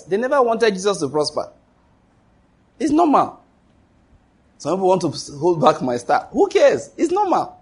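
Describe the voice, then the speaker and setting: A man preaching a sermon as pastor, emphatic, asking rhetorical questions and leaping up in pitch for exclamations. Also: a little mellow, slightly rough.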